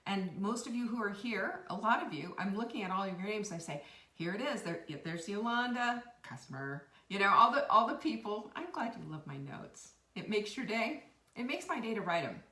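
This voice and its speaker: A woman hosting a live-stream, chatting warmly with viewers and greeting them by name. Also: mid-range voice, lively intonation, brisk, far from the mic. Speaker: host. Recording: echoey room.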